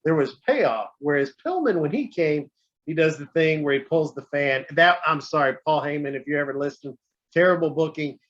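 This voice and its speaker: A male podcast host with a slightly raised pitch rambles through long questions to his guest. The audio is muffled and lo-fi. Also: lively intonation, moderate pace, fairly bright tone. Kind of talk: casual interview chat. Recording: dull lo-fi audio.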